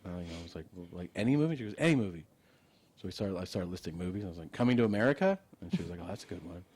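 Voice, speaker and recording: A man, a comedian and podcast co-host, telling a relaxed story in casual chat with plenty of fillers. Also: low-pitched, racing, slightly rough.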